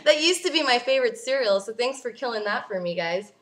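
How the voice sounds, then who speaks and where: A woman's voice: a little high, expressive, fast. A young woman vlogging casually, ranting bluntly and sarcastically, swearing and laughing as she answers viewer questions.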